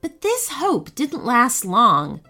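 A woman narrating a children's bedtime story with expressive, animated storytelling. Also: fairly high pitch, slow, faint music behind.

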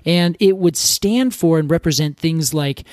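A man's voice: on the high side, measured pace, darkish tone, dry recording, studio quality. A man co-hosting a podcast, telling stories in an enthusiastic, casual way with lots of "like" fillers. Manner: enthusiastic, storytelling, many "like" fillers. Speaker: podcast co-host. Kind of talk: casual chat.

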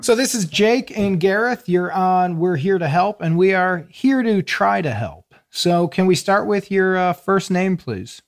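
A man's voice: high voice, expressive. A man from Chicago co-hosting a comedy advice podcast, chatting casually and laughing often. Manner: laughs often, quick acknowledgments. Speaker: podcast co-host.

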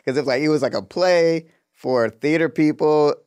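A man's voice: on the high side, moderate pace, darkish tone, clear, resonant tone. A man co-hosting a podcast, chatting casually in a laid-back, slangy way and laughing often. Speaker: podcast co-host. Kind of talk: casual recap chat.

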